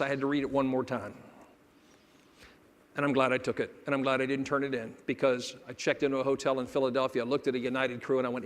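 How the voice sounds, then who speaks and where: A man giving a motivational keynote, telling stories and acting out dialogue, dropping to a hush and then rising loud. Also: medium pitch. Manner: dramatic shifts between hushed and loud, acting out dialogue. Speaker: motivational speaker. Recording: long hall reverb.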